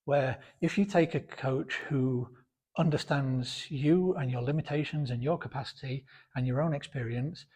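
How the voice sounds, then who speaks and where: A man's voice: mid-range voice, a little mellow, slightly rough. A British man with a sore throat, talking bluntly and chattily to camera from his home gym. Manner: blunt, outspoken, chatty with many fillers. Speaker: fitness vlogger. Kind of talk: casual talk to camera.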